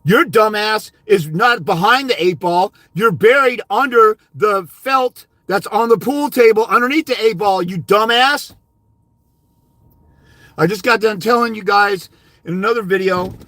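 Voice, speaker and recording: A man's voice: high voice, bright, forceful tone, no room sound. A man consultant giving a blunt, profane, berating livestream rant. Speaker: fathers' rights consultant. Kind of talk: ranting livestream monologue.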